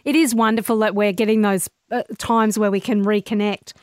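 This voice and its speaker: Excited female co-host. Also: medium pitch, fairly quick, no room sound, clean studio sound. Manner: warm, excited. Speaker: radio co-host. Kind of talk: radio interview chat.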